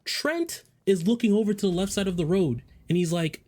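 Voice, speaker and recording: A man's voice: high-pitched, lively intonation, brisk, darkish tone. A man casually telling a personal story to viewers, rambling with profane, joking asides. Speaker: storyteller vlogger.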